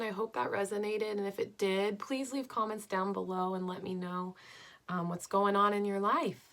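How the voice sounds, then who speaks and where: A young woman reading tarot cards for her viewers at home, slow and dreamy but enthusiastic, with lots of "like"s. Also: medium pitch, a bit bright, slight background noise. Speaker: tarot card reader. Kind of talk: pick-a-card tarot reading.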